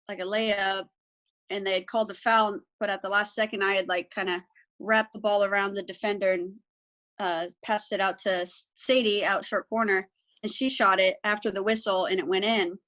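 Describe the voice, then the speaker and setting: A woman's voice: mid-range voice, fairly bright tone. Woman, around 30, interview guest, easygoing and modest, home video call. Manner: easygoing, modest, recalls with hedges. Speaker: interview guest, former college athlete. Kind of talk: casual interview.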